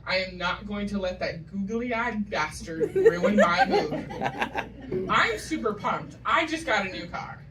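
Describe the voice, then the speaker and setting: Music plays in the background as a New England woman does stand-up before a loud live audience, her set recorded by a mic at a distance. She takes it slowly, her medium-pitched voice swinging widely in pitch as she delivers wry, self-deprecating stories with punchy asides.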